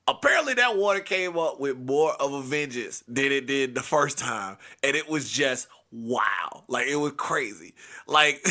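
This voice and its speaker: A man hosting a comedy podcast, telling a family story with lively impressions of everyone in it. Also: mid-range voice, unhurried. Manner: animated, acts out every character.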